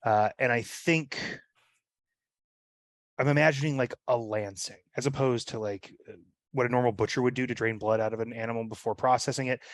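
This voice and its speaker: A man at mid pitch explains his character's moves to the game master, rambling and filling his sentences with "like" and "right?". The recording is dry and close, with no room sound. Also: fairly even intonation, a little fast, no echo. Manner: rambling, with many fillers like "like" and "right?". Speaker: player. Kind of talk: casual chat describing his character's actions.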